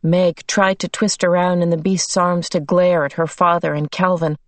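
A woman reading a novel aloud as an audiobook narrator, in a measured, unhurried manner. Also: lowish voice, flat delivery, no room sound. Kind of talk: scripted narration.

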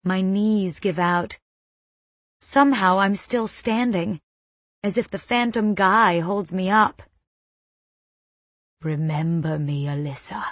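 A woman reading a first-person novel as an audiobook narrator, in a measured, suspenseful manner on a close mic. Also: medium pitch, dry recording.

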